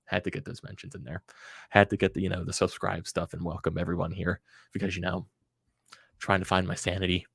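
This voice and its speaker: A man's voice: sits low, level tone, fast, creaky, slightly rough, no echo. A young man hosting a fan reaction vlog, ranting in exasperation with stammers and sighs. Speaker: sports channel host.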